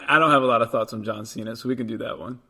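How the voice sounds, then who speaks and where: A man's voice: mid-range voice, racing, gravelly, sharp tone. A man co-hosting a podcast in casual chat, dry and skeptical as he pushes back on the host. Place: indoors, sitting across from the host.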